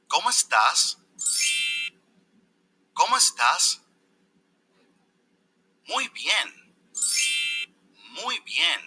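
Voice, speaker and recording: A zany marshmallow professor played by a man leads a kids' Spanish video in a sharply bright, husky voice. The pitch leaps wildly up and down while he drills words slowly. Faint music plays behind him. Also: heavily acted. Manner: exaggerated, sing-song, repetitive drills. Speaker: video teacher character.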